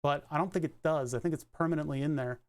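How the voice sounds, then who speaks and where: A man's voice: on the high side, fast, a little mellow. A young man thinking aloud and swearing casually while he streams a car electronics repair. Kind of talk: casual live-stream commentary.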